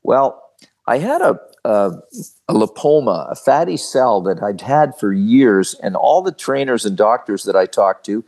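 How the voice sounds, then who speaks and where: Older male interview guest, somewhat low voice, animated folksy storyteller. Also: measured pace. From Canada. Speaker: guest, former hockey referee.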